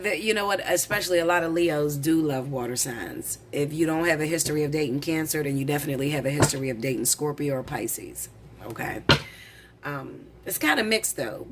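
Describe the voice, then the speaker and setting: Woman doing a tarot reading, talks fast and blunt, kinda noisy recording. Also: low-pitched. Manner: rapid, excitable, blunt with swearing. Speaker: tarot reader.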